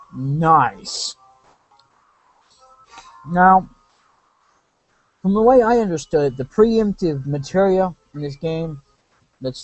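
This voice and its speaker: A man with a fairly high voice talks through a game he is playing. He rambles, corrects himself mid-sentence and wanders into asides. Faint game music sits underneath. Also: dull audio. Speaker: let's play commentator. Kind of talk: casual gameplay commentary.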